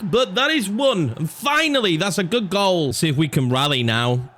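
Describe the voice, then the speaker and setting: A young man commentating over his own football video game, excitable and swinging from low muttering to shouts at chances and goals. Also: normal speed, hardly any pauses, slight background noise. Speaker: gaming YouTuber. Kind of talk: live commentary over gameplay.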